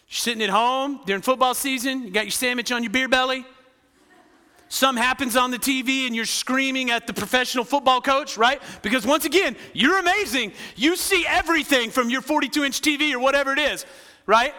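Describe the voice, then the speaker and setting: Pastor guy preaching, high tense voice, lots of "right?", big echoey church. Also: brisk. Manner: animated, acts out quoted voices, asks the crowd "right?". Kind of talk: sermon.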